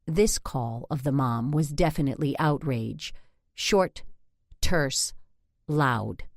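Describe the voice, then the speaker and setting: A woman with a low voice reads an audiobook in the first person, slowly and with a wry edge. The recording is dry and close, with no room sound. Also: no echo. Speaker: audiobook narrator. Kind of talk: scripted narration.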